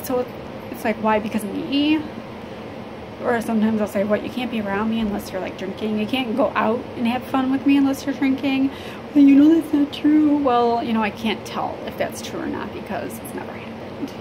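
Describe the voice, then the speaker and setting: A woman from Illinois talks to the camera in a personal vlog, halting and rambling with many fillers. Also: on the high side. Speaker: vlogger. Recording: steady background noise.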